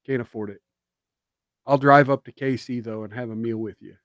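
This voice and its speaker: A man's voice: mid-range voice, fairly even intonation, moderate pace, dry recording, clean studio sound. A man streaming political commentary, sarcastic and emphatic, with indignant rhetorical jabs.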